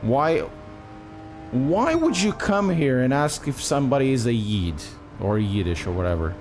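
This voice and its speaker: A man's voice: medium pitch, very animated, a little slow, noisy background. A man from Portugal with a Portuguese accent, chatting with his live-stream viewers as he plays a racing game and swearing freely. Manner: chatty, swears often, talks to chat. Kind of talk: live-stream commentary while gaming.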